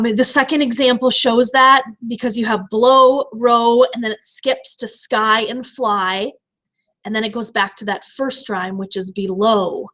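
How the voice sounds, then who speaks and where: Woman teacher recording a lesson, a bit high pitched, explains slowly and carefully. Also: fairly bright tone. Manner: explanatory, slows to stress key words. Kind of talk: recorded lecture on poetry terms.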